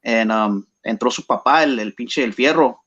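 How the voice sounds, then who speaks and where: A man's voice: medium pitch, moderate pace, a bit bright, highs cut off. A man with a Chicano English accent telling a story casually, slangy and mixing English with Spanish.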